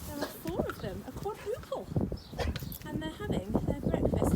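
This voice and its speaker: A woman's voice: high voice, huge pitch swings, normal speed, noisy background. A woman in midlife hosting a chatty walking vlog outdoors, playful and talking to her viewers and to animals along the way. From England. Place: outdoors on country lanes.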